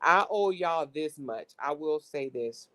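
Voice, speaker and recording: A woman's voice: low voice, animated, unhurried, a bit bright. A woman giving casual commentary to her viewers, breaking into fits of laughter. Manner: laughing fits, slangy, addresses viewers as y'all. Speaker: commentary vlogger.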